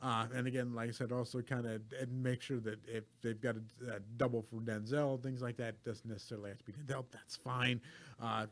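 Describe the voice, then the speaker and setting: Male co-host, mid-range voice, relaxed reflective film chat. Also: mid-range voice, fairly quick. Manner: thoughtful, hedging, many fillers. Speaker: podcast co-host. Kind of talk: casual film discussion.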